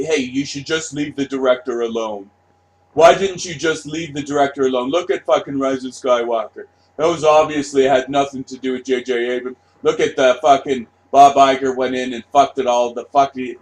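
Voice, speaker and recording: A man's voice: medium pitch, fairly even intonation, brisk, few pauses. Brief: a man ranting on camera, sarcastic and crude, repeating words over and over. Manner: profane, repetitive, sarcastic. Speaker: vlogger. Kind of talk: casual rant.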